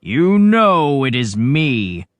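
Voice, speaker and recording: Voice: medium pitch, sing-song, drawn-out words, no echo, dull audio. A storybook reader voicing a big, mean male billy goat who talks back firmly. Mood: defiant. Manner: firm, defiant.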